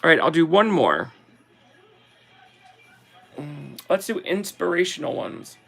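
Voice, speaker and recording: A woman in a casual video, reading short holiday poems aloud slowly and sing-song, with chatty asides between them. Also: sits low, sing-song, gravelly, faint music behind. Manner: giggly, reads verses slowly and sing-song. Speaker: vlogger.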